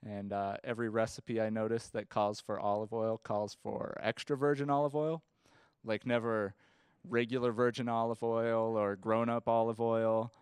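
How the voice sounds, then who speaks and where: Young guy doing standup, smooth clear voice, dry sound, rambly and self-deprecating. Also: on the low side, little pitch movement, normal speed, no echo. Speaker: stand-up comedian. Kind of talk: stand-up set. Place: comedy stage before a live audience.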